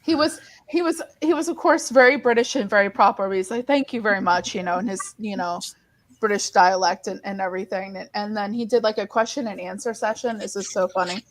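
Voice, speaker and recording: A woman co-hosting a casual online comic book hangout, telling stories in an animated way with many restarts. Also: mid-range voice, fairly quick. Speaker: co-host. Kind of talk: casual chat.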